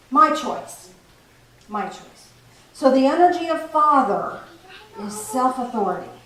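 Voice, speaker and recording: A woman giving a playful, animated spiritual talk to a group, often laughing as she teaches. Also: a little high. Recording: echoey room from far off, faint noise.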